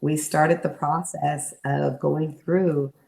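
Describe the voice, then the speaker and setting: A middle-aged woman, an interview guest, telling a personal story in an animated way and acting out the voices she quotes. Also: low voice, takes it slowly, creaky.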